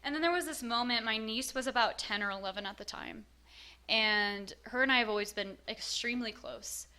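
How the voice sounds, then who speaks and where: A woman's voice: on the high side, brisk, bright, forceful tone, clean tone. A woman telling her own story in a frank, self-mocking way, with lots of fillers. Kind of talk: candid personal storytelling.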